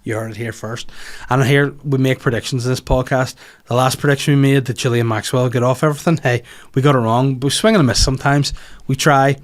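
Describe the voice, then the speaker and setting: A podcast host with a Northern Irish accent delivers a casual comedic monologue on his own show, loose, animated and rambling. He swears freely and riffs from tangent to tangent in a middle-pitched voice, talking a little fast.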